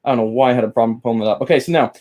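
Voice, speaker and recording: Talking very fast in a medium-pitched, somewhat mellow voice, a man gives a laid-back guitar lesson on a live stream. He greets viewers in the chat by name while teaching, rambles, and loses his train of thought.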